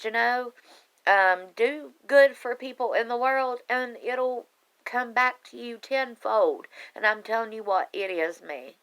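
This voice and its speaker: A woman shares her life story with her online group in a casual live video, speaking earnestly and emotionally straight to the camera and rambling a bit. Her voice sits a little high, bright and forceful, with a clear, resonant tone.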